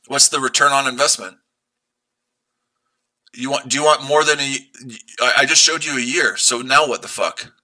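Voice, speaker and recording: A man with a very bright, piercing voice argues at his live-stream chat. He is combative and profane, hammering the same rhetorical questions again and again. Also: medium pitch. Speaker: day trader streaming live.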